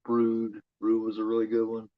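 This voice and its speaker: A man hosting a horror watch-along, giving profane, rambling, excitable live commentary on a film. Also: on the low side, normal speed, no room sound. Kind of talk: casual live movie commentary. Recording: dull lo-fi home recording.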